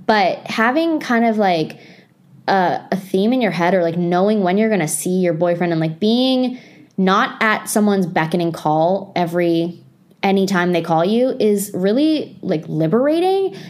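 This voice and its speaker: A young woman chats straight to her viewers in an ordinary middle-pitched voice and gives relaxed lifestyle tips. Her talk is loose and conversational, full of "like" fillers and self-aware asides. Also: normal speed. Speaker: lifestyle vlogger. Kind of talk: casual advice talk to camera.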